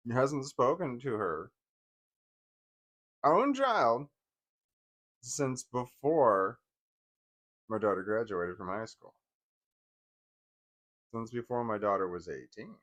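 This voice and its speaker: A man in his forties casually telling personal stories, wry and laughing at first, trailing off into bitter quiet. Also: mid-range voice, animated, slow pace, long pauses. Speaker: vlogger.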